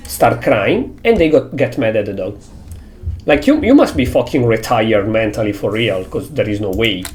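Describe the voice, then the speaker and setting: A man's voice: mid-range voice, darkish tone. A man, a streamer talking casually to his chat in an exasperated, heavily swearing rant.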